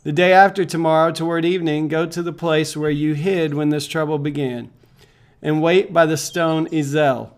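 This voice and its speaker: A man leading a devotional Bible reading, calm and measured, pausing with fillers as he reflects. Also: on the high side.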